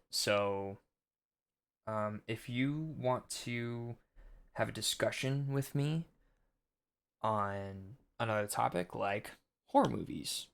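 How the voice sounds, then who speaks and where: A man's voice: on the low side, creaky. A young man hosting a casual film commentary monologue, earnest and preachy with a rambling delivery.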